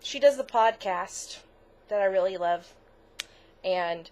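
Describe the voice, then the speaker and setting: A woman's voice: mid-range voice, slow pace, a little mellow, slight background noise. A middle-aged woman co-hosting a crafts podcast in casual chat, gushing, chatty and easily moved. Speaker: podcast co-host.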